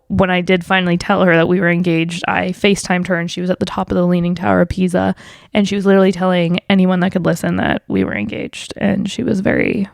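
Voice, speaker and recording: A woman in her twenties hosts a solo podcast, telling a personal story casually with plenty of swearing and fillers. Her voice is creaky, and when she quotes people it gets livelier and higher. The recording is clean studio sound with no room noise.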